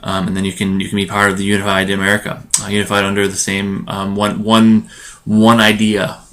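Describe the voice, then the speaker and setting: A man's voice: on the low side, monotone, fairly bright tone. A man hosting his own podcast, giving a solo commentary monologue with lots of ums and restarts. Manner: halting, full of ums and restarts. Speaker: podcast host.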